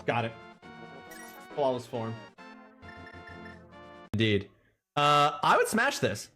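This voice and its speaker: Man, game streamer, excitable, profane, animated pitch, game music behind. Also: slow pace. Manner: excitable, swears a lot, shouts at the game. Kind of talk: casual gameplay commentary.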